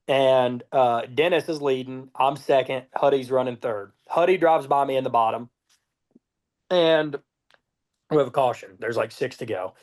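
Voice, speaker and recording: A young man from Georgia, telling profane, lively race stories as a podcast guest. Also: mid-range voice. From Georgia, USA. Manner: profane, lively anecdotes with acted-out dialogue. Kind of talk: casual storytelling.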